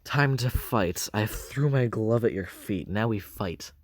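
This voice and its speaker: A man's voice: lowish voice, a little slow. A man reading out an arrogant, clueless young hero. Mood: blunt challenge. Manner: flat, careless delivery.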